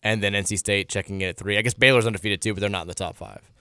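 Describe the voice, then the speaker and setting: A man's voice: fairly low pitch, fairly even intonation, very fast, sharp tone, no room sound, clean studio sound. A man hosting a sports radio show in casual talk, blunt and opinionated, often stumbling and restarting his sentences. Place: radio studio.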